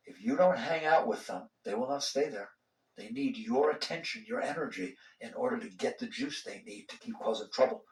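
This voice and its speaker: A man giving a spiritual talk to an audience, conversational and animated, acting out the voices inside people's heads. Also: mid-range voice, fairly quick, recorded from a distance. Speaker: spiritual teacher. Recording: roomy hall sound, voice from off-mic.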